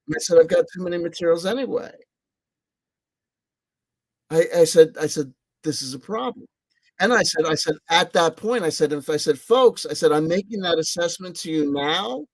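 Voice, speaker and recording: A man vlogging in a rambling casual monologue, excitable and self-mocking, repeating himself, swearing and laughing as he talks. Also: on the high side, moderate pace, no echo.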